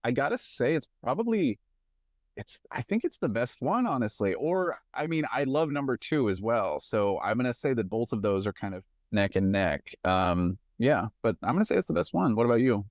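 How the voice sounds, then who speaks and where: A man's voice: mid-range voice, sing-song, normal speed, no echo, clean studio sound. A young man co-hosting a podcast, chatting easily and agreeing along. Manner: easygoing, affirming, laughs along. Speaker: podcast co-host. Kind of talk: casual chat.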